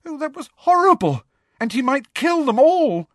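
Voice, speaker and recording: A man voicing a frightened, clever teenage girl who speaks high and quavering. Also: big pitch swings, moderate pace, no room sound, studio quality. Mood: distressed.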